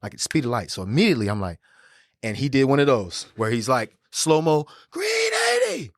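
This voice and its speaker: A man in his thirties, a podcast guest, telling animated, slangy, profane stories in casual conversation. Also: medium pitch, quick pace, no echo. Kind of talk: casual storytelling interview.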